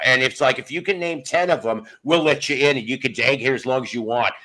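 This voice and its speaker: A man's voice: medium pitch, a little fast, few pauses, pushed and bright. Rambling man in his fifties. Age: 50s. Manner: rambling, joking, greets viewers by name. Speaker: livestream host. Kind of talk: casual livestream chat.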